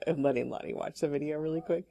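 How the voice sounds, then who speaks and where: A woman co-hosting a casual chat podcast, telling a story in a lively, laughing way and swearing freely. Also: sits low, dull audio. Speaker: podcast co-host. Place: Portland, Oregon area.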